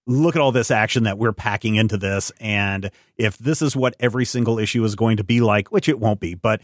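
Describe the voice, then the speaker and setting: A man co-hosts a casual comic review chat. He talks in a rambling, animated way and often circles back to correct himself. His voice sits close to the mic with no room sound. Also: fairly low pitch, fairly quick, no room sound. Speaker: podcast co-host.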